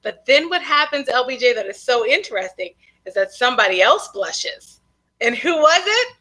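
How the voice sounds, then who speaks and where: A woman co-hosting a recap show, her voice high and bright. She retells each scene with animated, playful storytelling and chatty asides. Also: normal speed, low-quality recording. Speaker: podcast co-host. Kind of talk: TV episode recap chat.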